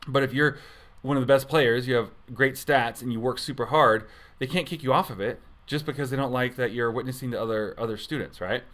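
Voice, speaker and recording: A man's voice: medium pitch, fairly quick, fairly bright tone. A man giving a casual devotional talk as a youth pastor, rambling and conversational, often correcting himself mid-sentence.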